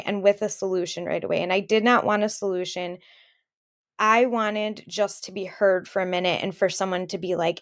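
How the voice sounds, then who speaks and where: A woman's voice: mid-range voice, normal speed. A woman in her thirties co-hosting a podcast, telling personal stories in a candid, emotional way. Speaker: podcast co-host. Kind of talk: casual chat.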